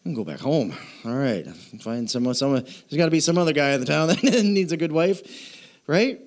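Middle-aged male pastor, relaxed and joking sermon delivery, slightly high voice. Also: moderate pace. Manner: casual, joking, animated storytelling.

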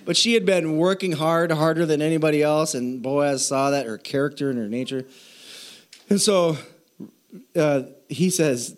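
A man's voice: a little high, normal speed. A middle-aged man preaching a sermon in a casual, joking way, retelling the story with plenty of animation. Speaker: pastor.

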